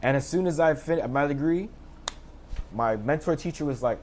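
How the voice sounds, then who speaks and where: A man in his thirties, a teacher and interview guest, telling his story in lively casual speech and acting out the people he quotes, heard over a video call. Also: normal speed, a little hiss or hum. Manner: animated, acts out quoted voices with pitch jumps.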